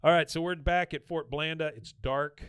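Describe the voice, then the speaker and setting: A man's voice: fairly high pitch, steady tone, normal speed, a bit bright, clean tone, no echo, studio quality. A man hosting a podcast, chattily retelling a cartoon episode scene by scene with fillers. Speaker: podcast host. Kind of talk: casual episode recap.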